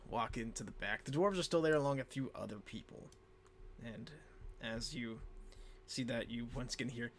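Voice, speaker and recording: A man's voice: mid-range voice, normal speed, fairly bright tone, slight background noise. A man narrating as game master in a casual way, with many fillers.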